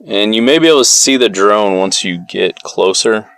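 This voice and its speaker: Low, gravelly-voiced man giving updates. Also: expressive, normal speed, crowd noise. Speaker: drone pilot guiding a search. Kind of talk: calm phone call giving directions.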